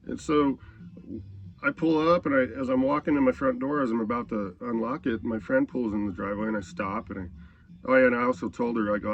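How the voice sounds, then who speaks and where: A man's voice: lowish voice, steady tone, fast, vocal fry, lo-fi sound. A man telling a personal story in a rambling, profane, laid-back way. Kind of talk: casual spoken anecdote.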